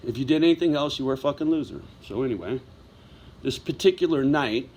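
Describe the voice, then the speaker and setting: A middle-aged man telling a story in a casual vlog monologue, blunt and heavy with swearing, wound up as he talks. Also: mid-range voice. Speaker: vlogger.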